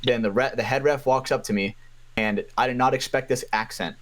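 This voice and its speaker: A man's voice: mid-range voice, fairly quick. A man telling paintball stories as a podcast guest in casual chat, swearing freely. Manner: animated storyteller, heavy swearing.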